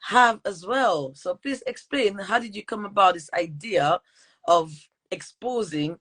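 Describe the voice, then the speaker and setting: A woman with a French accent hosts a live-streamed podcast. She is a teacher and speaks casually, with many fillers and quick apologies, in a chatty interview manner. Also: medium pitch, a bit bright, breathy edge.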